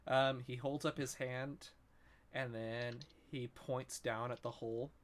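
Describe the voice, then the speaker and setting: A man narrating a tabletop role-playing game as game master, in relaxed speech with frequent "um"s. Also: medium pitch, slow.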